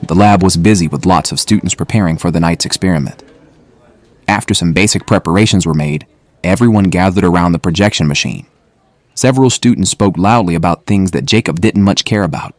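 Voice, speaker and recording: A man narrating an audiobook in a steady, measured way. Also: low voice, no echo.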